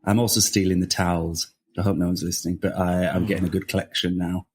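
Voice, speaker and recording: Deep-voiced podcast host. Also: male voice, flat delivery, fast talker, a little mellow, slightly rough. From England, Wakefield. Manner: jokey, self-mocking banter. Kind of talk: casual chat.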